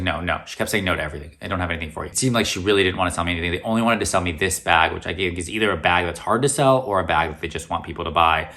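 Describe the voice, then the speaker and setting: A man telling a long shopping story in a rambling, animated storytime vlog, full of restarts and "like". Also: low voice. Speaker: fashion vlogger.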